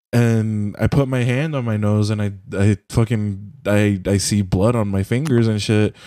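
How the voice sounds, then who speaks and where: A man's voice: medium pitch, mellow, dry recording, clean studio sound. A young man chatting casually on a voice call, telling a profane, rambling story full of "like" and restarts. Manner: rambling, profane, heavy use of "like". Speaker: podcast co-host. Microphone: computer mic on a voice call.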